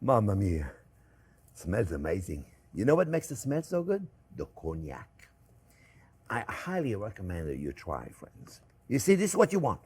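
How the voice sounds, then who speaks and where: A man's voice: lowish voice, moderate pace, slightly rough. An older man with a French accent, chatting and joking with viewers as he demonstrates a recipe in his kitchen. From France. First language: Italian and French. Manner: chatty, joking, animated, addresses viewers as friends. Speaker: chef. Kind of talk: cooking demonstration.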